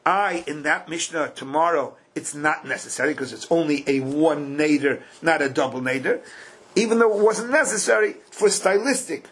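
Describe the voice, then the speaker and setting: Teaching Talmud at a moderate pace, this man's voice sits fairly high. He intones the text in a chant, unpacks it in relaxed English, and uses rhetorical questions to press his points.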